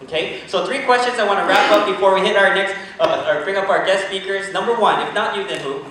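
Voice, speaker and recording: A man giving an energetic, joking motivational speech at a business event, pushing the crowd to answer back. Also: sits high, fast talker. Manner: energetic, joking, pushes the audience to respond. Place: large event hall. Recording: echoey hall from far off.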